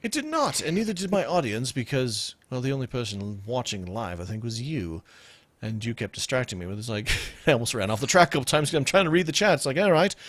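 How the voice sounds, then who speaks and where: A man's voice: medium pitch, fast talker, no echo. A man hosts a casual chat podcast, his voice swinging up and down with lots of expression as he laughs his way through the show. The sound is dry and close, from a home computer mic. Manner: animated, laughs often. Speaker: podcast host.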